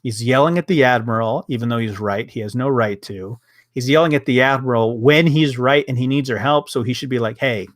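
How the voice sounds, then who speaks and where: A young man co-hosts a casual review chat, ranting, swearing and acting out lines in quick bursts. His pitch sits in the middle of the male range. The recording is dry and close, with no room sound. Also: no room sound. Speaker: podcast co-host.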